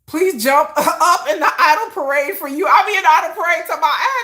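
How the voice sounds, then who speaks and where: Woman livestream host, bright and slightly high voice, chatty storyteller who acts out quotes. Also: fast talker, few pauses. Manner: animated storytelling, acts out quotes, laughs often; self-described shy introvert. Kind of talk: casual chat.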